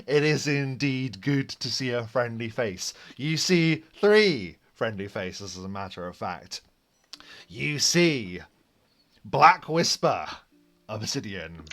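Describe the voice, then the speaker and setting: A man's voice: medium pitch, expressive, slow, fairly bright tone. A man narrating as game master, storytelling with fillers and self-corrections.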